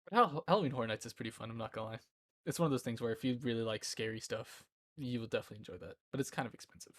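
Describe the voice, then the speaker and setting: A man in his twenties chats casually on a live stream from a room in his home. His medium-pitched, fairly bright voice races along as he rambles and often bursts out laughing.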